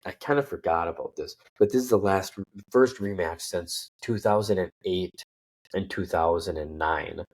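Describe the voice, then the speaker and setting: Deep-voiced man rambling about sports. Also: normal speed. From Minnesota. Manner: rambling, self-correcting, lots of fillers. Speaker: sports podcast host. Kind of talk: casual sports talk.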